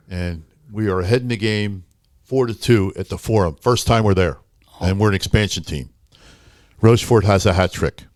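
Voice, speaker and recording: An older man with a lowish, dry, close-miked voice tells rambling anecdotes in a podcast studio. He leans on fillers and chuckles through his stories. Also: darkish tone, no room sound. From Philadelphia area. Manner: laughing, rambling anecdotes with frequent "uh" and "you know". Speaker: podcast guest, hockey arena announcer. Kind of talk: casual storytelling.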